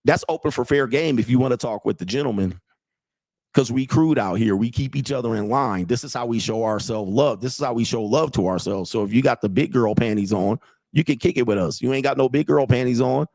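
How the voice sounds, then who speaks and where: A man's voice: mid-range voice, a little fast, darkish tone, no echo. A man in his late forties hosts a livestream, talking crude and blunt, mocking and laughing at his own jokes while reading chat. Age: 40s. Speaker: host and dating coach.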